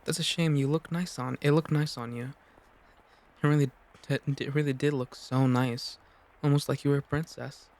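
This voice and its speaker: A man's voice: mid-range voice, fairly even intonation, normal speed, darkish tone, close to an everyday voice. A man voicing a meek pale-haired servant girl who answers politely and hesitantly.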